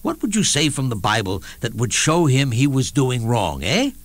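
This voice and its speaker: A man's voice: medium pitch, very animated, moderate pace, no room sound. A man voicing a kindly, patient Sunday school teacher coaxing his pupils, in a theatrical one-man stage monologue.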